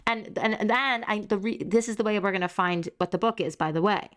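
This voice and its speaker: A woman's voice: mid-range voice, fairly quick. A chatty woman co-hosting a book club podcast, talking through a novel with a friend. She stumbles over her words and restarts often, laughing as she reads passages aloud. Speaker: podcast co-host. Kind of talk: casual book club chat.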